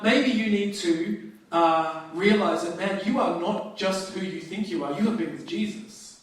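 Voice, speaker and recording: A man with a high voice preaches to his congregation, casual and lively, often restarting his sentences. He sounds distant from the microphone. The hall around him rings with a strong echo. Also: normal speed. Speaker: pastor. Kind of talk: sermon. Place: church hall. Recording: very echoey hall, distant mic.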